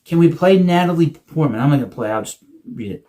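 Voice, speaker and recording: A man's voice: on the high side, expressive, brisk, dark tone. A man hosting political commentary, reading quotes aloud and breaking in with sarcastic asides. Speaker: commentary host.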